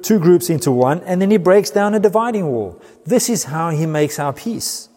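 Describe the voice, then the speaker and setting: A male pastor delivers a sermon in an earnest, deliberate way, slowing and pausing on key words for weight. His voice sits a little high for a man yet sounds warm and mellow. A long reverb from the church hall trails behind every phrase. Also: breathy edge. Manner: earnest preaching with slow emphatic pauses.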